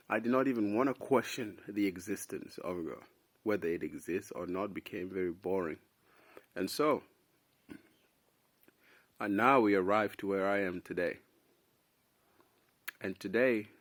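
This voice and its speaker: A young man from South Sudan talking casually and at length to camera, rambling and calling listeners "bro". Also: on the low side. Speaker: vlogger. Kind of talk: unscripted opinion monologue.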